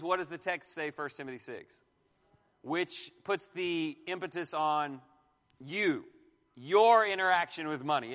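A man in his forties teaching a Bible class on marriage, animated, asking the room questions and joking. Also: high-pitched, big-room sound. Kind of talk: sermon-style Bible teaching.

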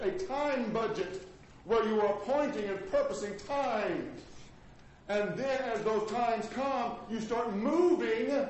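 Pastor guy preaching, high voice, big echoey church, a little hiss. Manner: animated preaching, swinging from loud highs to low murmurs. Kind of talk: sermon. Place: church sanctuary. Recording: echoey hall with faint noise.

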